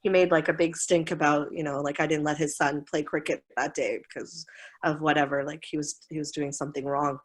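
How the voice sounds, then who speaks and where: A woman in her forties, a school administrator, telling stories in a casual interview with frequent laughs and quick acted-out quotes. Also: low voice. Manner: animated, laughing, voices quoted people.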